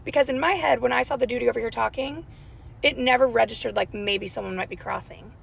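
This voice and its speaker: A woman's voice: a little high, fast talker, vocal fry, husky, poor audio. A young woman telling a rambling, anxious storytime in a casual vlog, recorded on her phone while sitting in a car in a school pickup line. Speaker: parent vlogger. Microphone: phone held in car.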